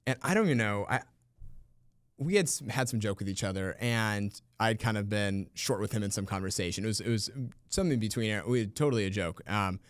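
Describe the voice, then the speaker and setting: A man in his thirties, a teacher telling a funny story in an interview, lively and laughing often. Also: lowish voice, dry recording, studio quality. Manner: animated, laughs often, acts out quoted voices.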